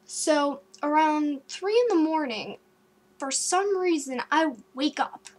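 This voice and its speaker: A young woman with a high, girlish voice tells a story straight into her webcam at home. She is animated and jumpy, breaking into gasps and sudden loud outbursts. Her talk is loose and full of likes and ums. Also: slow pace. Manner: filler-heavy, with many likes and ums. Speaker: vlogger.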